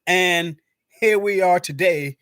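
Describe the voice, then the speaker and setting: A man's voice: sits high, takes it slowly, a bit bright, clear, resonant tone, dry recording, studio quality. A man from the United States chatting casually on his channel's stream, loose and talkative, peppering his talk with "man" and acting out his own past thoughts. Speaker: YouTube channel host. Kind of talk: casual live-stream chat.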